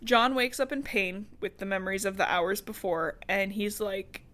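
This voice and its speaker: A woman's voice: medium pitch, moderate pace, fairly bright tone. A woman co-hosting a podcast, recapping a book in casual chat, full of fillers and sarcastic asides.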